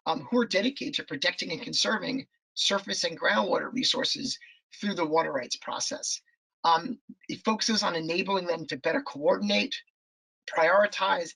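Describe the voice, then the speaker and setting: Gravelly, husky man presenting a webinar. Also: a little high, fairly bright tone, low-quality recording. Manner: hesitant, many ums and restarts. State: losing his voice. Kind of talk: presenting a policy report. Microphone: video call.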